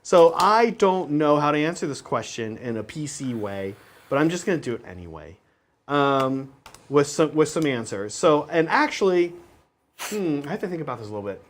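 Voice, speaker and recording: A man's voice: on the high side, big pitch swings, normal speed. A young adult man co-hosting a casual gaming stream. He talks in a rambling, hesitant, self-conscious way, full of restarts. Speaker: stream co-host and wargame player.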